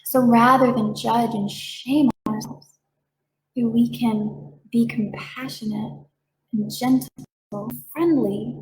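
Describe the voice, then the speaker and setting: A woman giving a calm, reassuring talk as a reiki practitioner, with playful voiced asides. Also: a little high, slow pace, echoey room, slight background noise, low-quality recording. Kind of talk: gentle explanatory talk.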